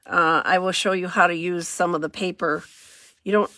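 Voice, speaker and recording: A woman's voice: lowish voice, steady tone, normal speed, fairly bright tone, a little hiss or hum. A woman running a casual crafting demo, chatty and self-deprecating, thinking aloud as she works. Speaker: craft demonstrator.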